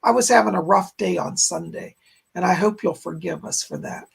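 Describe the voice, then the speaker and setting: A man hosting a psychic live stream with a hoarse voice that keeps going out, chatting to viewers and leading a guided meditation. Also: sits high, moderate pace. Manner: speaks straight to viewers, frequent throat clearing. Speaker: psychic medium host.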